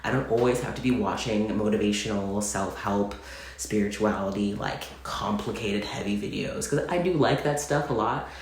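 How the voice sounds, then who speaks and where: A man in a confessional, casual vlog, speaking gently and heartfelt, rambling with many fillers. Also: fairly low pitch, normal speed, slight background noise. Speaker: vlogger. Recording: very echoey room.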